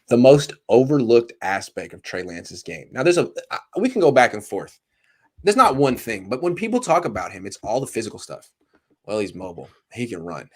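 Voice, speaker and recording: A man hosting a casual sports talk show, talking animatedly with frequent restarts. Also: fairly low pitch. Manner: animated, storytelling, lots of restarts. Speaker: sports podcast host.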